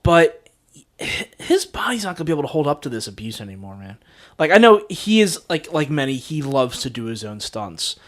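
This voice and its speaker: A man's voice: on the high side, very animated, fairly quick. Rambling man in a casual podcast chat. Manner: rambling, lots of fillers and restarts, laughs easily. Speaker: podcast co-host.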